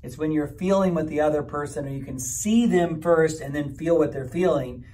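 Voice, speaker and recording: A man, a pastor, gently explaining ideas to children at a church camp in a rambling, friendly way. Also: fairly high pitch, normal speed. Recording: mic from far off.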